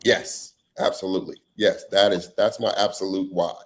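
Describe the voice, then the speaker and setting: A man on a casual panel, an app founder telling lively stories and acting out the people in them. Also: low-pitched, normal speed. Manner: animated storyteller acting out quoted voices. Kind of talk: casual panel conversation, storytelling. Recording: online live panel.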